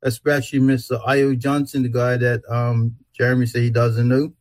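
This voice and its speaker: A man hosts a casual radio talk show, leaning on his words and stretching them out at an easy pace. His voice sits in a middle pitch. The sound is dry and close, with no room around it. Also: completely flat delivery, moderate pace, darkish tone, no room sound, low-quality recording. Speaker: host.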